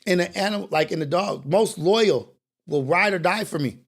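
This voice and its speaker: A young man hosts a morning show, his voice sitting a little high for a man. He talks in a loose, animated, sermon-like way, full of slang and blunt cursing, and often turns to confessing his own past. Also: moderate pace. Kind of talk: casual commentary monologue.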